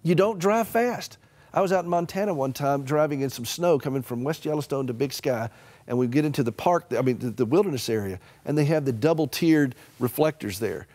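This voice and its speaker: Fast-talking Southern man, folksy storyteller. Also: a little high, animated. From American South. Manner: storytelling, folksy humor, drops to a gentle hush. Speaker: author and caregiver advocate. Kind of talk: Christian TV interview guest.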